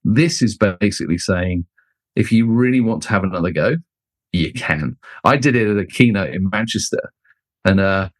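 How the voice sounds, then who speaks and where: Lowish-voiced man, lively storyteller. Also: moderate pace, no echo. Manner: expressive, acts out quoted people with jumps in pitch. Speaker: guest, leadership author and speaker. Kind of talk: animated storytelling in conversation.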